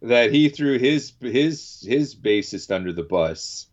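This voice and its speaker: A man's voice: mid-range voice, expressive, slow pace. A Canadian man hosting a radio show, chatting casually and rambling with many restarts. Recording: dull lo-fi sound.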